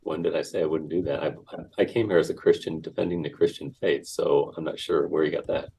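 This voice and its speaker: A man's voice: extremely low pitch, fairly even intonation, fairly quick, warm tone, breathy edge. A middle-aged man defending his faith in a debate, firm and assertive with frequent hesitations. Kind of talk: debate closing remarks.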